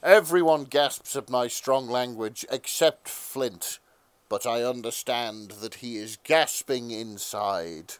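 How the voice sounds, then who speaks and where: A man narrating a comic fan fiction reading as host, mostly deadpan with bursts of laughter. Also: mid-range voice, slow, smooth, no echo.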